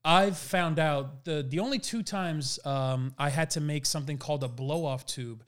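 A man's voice: a little high, moderate pace. Rambling man explaining mead-making. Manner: rambling, explanatory, many fillers and restarts. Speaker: guest mead maker. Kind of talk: casual podcast chat.

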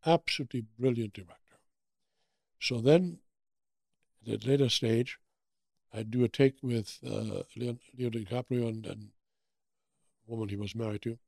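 Older German-accented man, fry-edged voice, animated anecdotal interview guest. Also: medium pitch, moderate pace, long pauses, no room sound, studio quality. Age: 80s. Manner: animated anecdotes with acted-out quotes. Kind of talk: storytelling interview.

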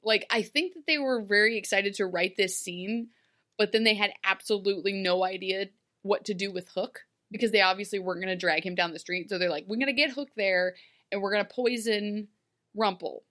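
A woman's voice: mid-range voice, a little fast, sharp tone. A woman co-hosting a casual podcast, riffing in a jokey way about a TV episode and acting out comic bits. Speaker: podcast co-host. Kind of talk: casual TV recap chat.

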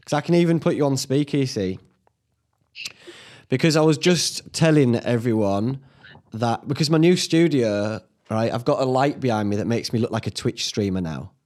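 A man's voice: mid-range voice, moderate pace, a little mellow. A man hosting a podcast on his own from a small home studio, rambling chattily, swearing casually and laughing at himself. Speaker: podcast host. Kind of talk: casual solo podcast chat.

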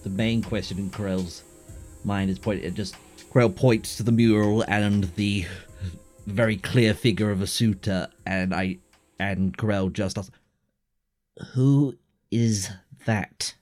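Slow-talking man playing a tabletop game. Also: fairly low pitch, fairly even intonation, a little mellow, faint music behind. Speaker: player. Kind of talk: tabletop role-play.

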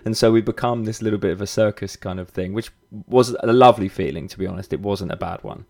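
A podcast host in his thirties talks through a personal story in a loose, unscripted way. His voice sits somewhat low for a man. He restarts sentences often, leans on fillers, and swears casually. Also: fast, creaky, darkish tone.

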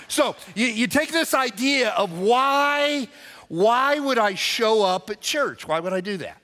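A man's voice: very high-pitched, animated, measured pace, bright, forceful tone, long reverb tail. A man preaching a conversational, emphatic sermon as pastor, acting out quotes in character voices.

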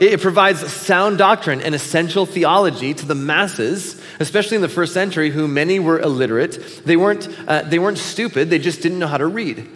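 A man's voice: a little high, a bit bright. A man preaching a sermon as pastor, in a conversational way with frequent filler words. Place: church sanctuary. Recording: long hall reverb.

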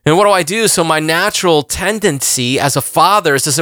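Male pastor, forties, impassioned preaching; tense bright tone, slightly high, dry close sound. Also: lively intonation, brisk, dry recording. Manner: earnest, repeats himself, rising emphasis on questions. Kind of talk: impassioned sermon.

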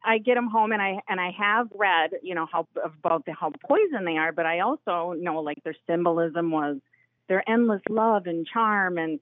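A woman with an Upper Midwest accent calls in to a radio show, chatty and excited, and laughs easily. Her voice comes over a tinny, narrow phone line and sounds dry and close. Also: on the low side, normal speed, no room sound. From Minnesota. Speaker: caller. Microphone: telephone line.

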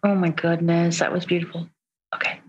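A woman's voice: on the low side, little pitch movement, fairly quick, lo-fi sound. A woman from Indiana co-hosting a podcast, chatting casually in an enthusiastic, playful way. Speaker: podcast co-host. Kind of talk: casual chat.

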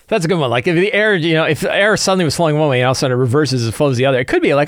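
A man's voice: on the high side, racing, no echo, studio quality. A man game master talking through his prep on his own, rambling and thinking aloud with lots of fillers. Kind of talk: solo game-prep talk.

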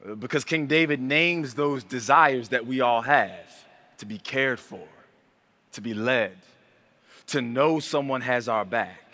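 A man preaching a sermon as pastor, earnest and intimate, building from hushed, quiet passages to rising emphasis. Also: mid-range voice, measured pace. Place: church hall. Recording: long hall reverb.

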